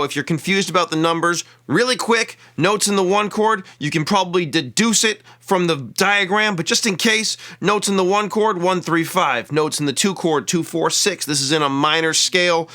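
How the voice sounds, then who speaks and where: Bright-voiced man teaching guitar. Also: fairly high pitch. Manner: upbeat, explains step by step with quick asides. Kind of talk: casual music lesson.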